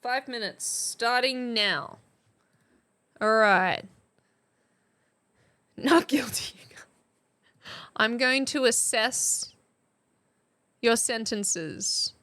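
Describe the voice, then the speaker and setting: A young woman streaming live, hosting a playful mock class in a casual chatty way, laughing often and exclaiming with excitement. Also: a little high, drawn-out words, long pauses.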